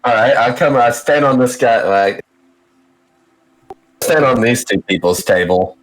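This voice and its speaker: A man's voice: mid-range voice, lively intonation, unhurried, rough recording. A man playing a tabletop game, hesitant and playful as he describes actions. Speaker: player. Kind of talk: casual tabletop play.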